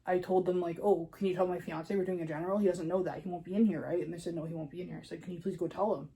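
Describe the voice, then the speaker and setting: A woman's voice: on the low side, steady tone, racing, dark tone, low-quality recording. A young woman casually telling her birth story in a chatty way, full of "like", acting out her own panicked words.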